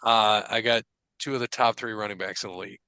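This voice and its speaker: A man chatting on a sports podcast, his voice very bright and clear. He tells stories with a lot of swearing and acts out what everyone said. The sound is dry and close. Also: lowish voice, fast talker, dry recording. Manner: profane, animated storytelling with quoted dialogue. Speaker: podcast co-host. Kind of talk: casual chat.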